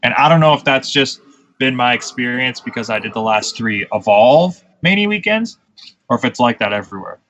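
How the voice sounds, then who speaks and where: A man's voice: medium pitch, expressive, fairly quick, a bit bright, a little hiss or hum. Blunt, swearing male wrestler for a podcast; muffled, slightly dull audio. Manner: blunt, profane, ranting storyteller. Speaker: pro wrestler, podcast co-host. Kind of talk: casual podcast chat.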